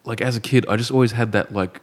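A man's voice: mid-range voice, fast. An Australian man hosting a podcast, chatting in an easygoing way and stumbling over words now and then. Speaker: podcast host and comedian. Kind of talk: casual podcast chat.

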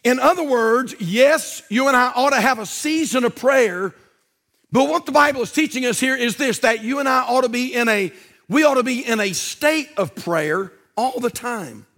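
A man's voice: extremely high pitch, lively intonation, moderate pace, a bit bright. A male pastor preaching a sermon in a folksy, conversational way that builds in intensity.

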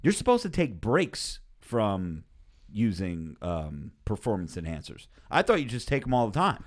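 A man's voice: lowish voice, sing-song, normal speed. Podcast guy telling a rambling story, swears a lot, does the voices of people he quotes. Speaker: podcast co-host. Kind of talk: casual podcast chat.

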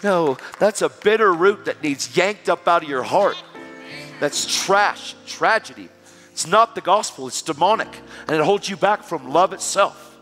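Male preacher, high voice, animated sermon delivery, long hall reverb, soft music bed. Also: a little slow. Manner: animated, shifting between loud exhortation and hushed storytelling. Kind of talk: sermon with storytelling.

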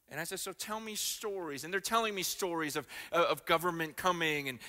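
An American man telling a story in a sermon, animated, his voice climbing high and loud when he gets excited. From United States. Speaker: guest speaker.

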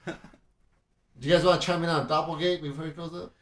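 A man's voice: fairly high pitch, flat delivery, fast, a bit bright. A man hosting a casual podcast, cutting in with jokes and teasing questions. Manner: joking, teasing interjections. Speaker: podcast host. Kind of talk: casual chat. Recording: distant mic in a roomy space with faint room noise.

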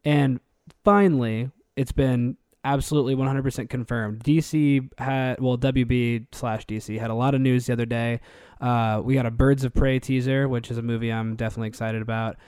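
A man's voice: medium pitch, fairly quick, clean tone, no echo. Male podcast co-host, casual and rambling, close dry mic. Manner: animated, rambling, laughs often. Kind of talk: casual chat.

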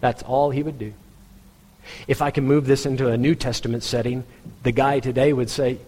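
A male pastor delivers a sermon in a plain, conversational voice, turning pointed and pushing up into a higher register whenever he imitates people in the pews. His voice sits in an ordinary middle range for a man. The sound carries the long reverb of a church hall. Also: steady tone, a little fast, dark tone. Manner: conversational preaching, mimics congregants in a higher voice.

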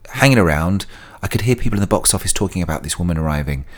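A man's voice: low-pitched, expressive, racing. A man telling stories on his solo podcast, chatty and prone to digressions and sidebars. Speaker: podcast host. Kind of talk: casual solo podcast storytelling.

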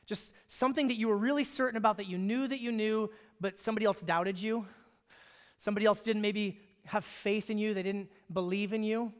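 High-voiced man preaching in a reverberant hall. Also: fairly even intonation, fairly quick, clean tone. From Alaska. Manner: conversational storytelling with repeated restarts. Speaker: pastor. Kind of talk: sermon. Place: church sanctuary.

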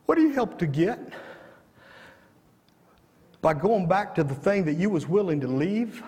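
Casting: male pastor, very high voice, rhythmic "uh"-punctuated preaching, church hall echo. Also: big pitch swings, measured pace. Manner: preaching with frequent "uh" before each phrase, rising to shouts. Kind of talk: sermon.

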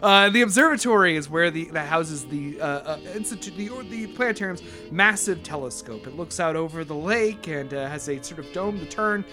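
A man's voice: a little high, expressive, a little fast, few pauses, sharp tone, faint music behind. A man narrating as game master in a casual, rambling way with many fillers and some swearing.

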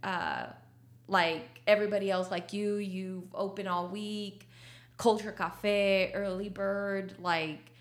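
A woman's voice: mid-range voice, steady tone, slow. A woman, a coffee shop owner talking casually in an interview, laughing often and slipping into Spanish. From Texas.

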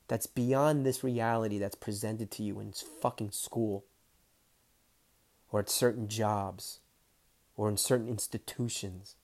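Man, mid-pitched, personal storytelling; blunt, swears, acts out the other voices. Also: darkish tone. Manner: candid, swears freely, acts out dialogue; emotional, close to tears. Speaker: guest telling his story.

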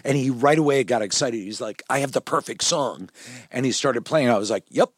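A man, a film director, telling set stories in a lively conversational way, often acting out what people said. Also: mid-range voice, a little fast, no echo, studio quality. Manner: animated storyteller, quotes people in voices. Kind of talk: conversational anecdotes.

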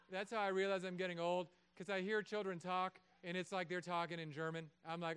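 A pastor in his thirties preaches with a high, smooth, resonant voice. He jokes and acts out little voices as he goes. The sermon is given in a church. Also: fairly quick, few pauses. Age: 30s. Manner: animated, joking, acts out voices.

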